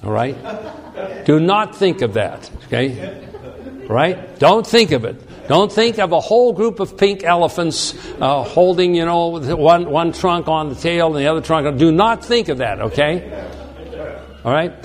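A man's voice: fairly high pitch, expressive, unhurried. A man teaching a sermon, reading scripture verses aloud and explaining them with frequent restarts. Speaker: preacher.

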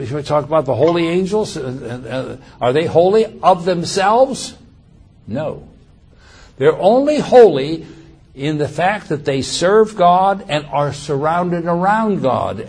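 A man delivers a sermon with a husky, slightly high voice. He talks fast through his asides, then raises his voice for emphatic lines. The delivery is animated and preacherly throughout. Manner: animated, swings from quiet asides to loud emphatic quotes.

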